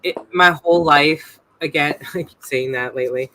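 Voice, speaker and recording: A man in his thirties with a bright, slightly high voice chats in a casual panel. He hesitates, backs up to correct himself and lets his sentences trail away. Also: normal speed, a little hiss or hum, low-quality recording. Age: 30s. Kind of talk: casual group discussion.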